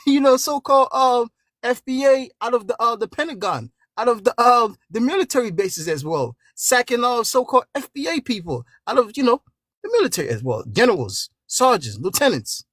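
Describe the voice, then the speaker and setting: A man's voice: very high voice, very animated, normal speed, a bit bright, dry recording, clean studio sound. A man on a live debate panel, arguing emphatically and mocking his opponent, laughing between jabs. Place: at home.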